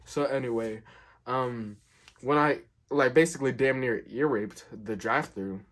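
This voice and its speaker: A young man telling a work story in a casual, animated way, acting out the quotes with big jumps in pitch. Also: measured pace. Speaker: storyteller, fast food worker.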